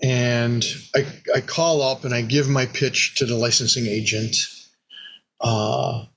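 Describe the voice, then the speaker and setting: A man with a mid-pitched voice tells a long anecdote in a loose, conversational way. He stumbles through restarts and repeated words, then leaps up in pitch to act out what others said. A faint hiss sits under his voice. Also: takes it slowly, rough recording. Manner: animated, acts out quoted dialogue with big pitch jumps. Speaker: company founder recounting history. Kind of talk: casual anecdotal storytelling.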